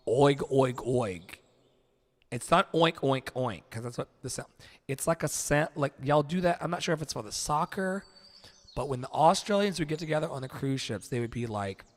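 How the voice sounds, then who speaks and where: A man hosting a casual late-night livestream from home, chatting in a loose, rambling, candid way and swearing freely. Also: fairly high pitch. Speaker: livestream host.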